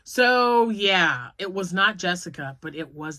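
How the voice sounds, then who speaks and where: A woman's voice: medium pitch, expressive, normal speed, hardly any pauses, bright, forceful tone, no room sound. A woman in her fifties, a grandmother, chatting casually to her viewers in a rambling, storytelling way. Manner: rambling, storytelling, laughs often. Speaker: crochet vlogger.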